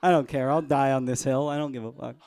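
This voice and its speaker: A man doing a live stand-up set in a club, deadpan, chuckling at his own jokes. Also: mid-range voice, fast. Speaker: stand-up comedian. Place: comedy club stage.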